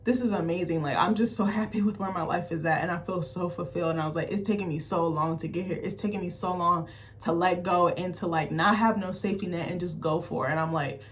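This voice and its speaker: A young adult woman telling a rambling, animated story straight to her camera, full of "like" and quoted asides. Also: on the low side, fast, slight background noise. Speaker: vlogger. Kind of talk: casual chat to camera.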